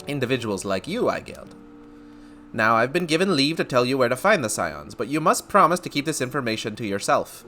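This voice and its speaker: A gruff older tavern keeper woman with a put-on Scottish brogue, brusque and folksy. A man voices her with a lively, swooping pitch. Faint game music runs behind her. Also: brisk.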